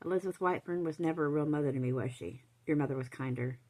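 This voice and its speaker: A woman's voice: low voice, very fast, dark tone, poor audio. Woman voicing a sneering, spiteful young woman. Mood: mocking. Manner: sneering, taunting, smooth. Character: mocking, spiteful young woman, the half-sister.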